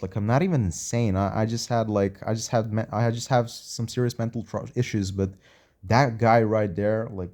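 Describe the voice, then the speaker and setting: A man's voice: on the low side, dark tone. A man telling a rambling, slangy story in a casual way, swearing a lot.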